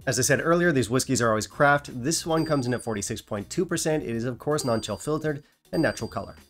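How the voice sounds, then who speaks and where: Man, whisky reviewer, casual, dry self-mocking humor, mid-pitched voice, faint background music. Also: lively intonation, quick pace. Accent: non-British English. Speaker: whisky reviewer, channel host.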